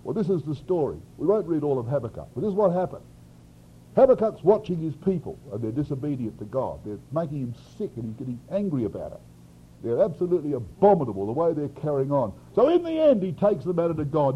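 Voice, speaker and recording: Animated husky male preacher. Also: on the high side, brisk. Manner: animated, swings from loud emphasis to quiet asides. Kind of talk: expository sermon. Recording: dull lo-fi sermon recording.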